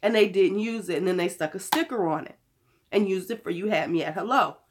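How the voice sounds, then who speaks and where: A woman in her fifties vlogging about beauty products in casual, blunt chat with cursing, her voice hoarse from being unwell. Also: mid-range voice, brisk. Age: 50s. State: hoarse from illness.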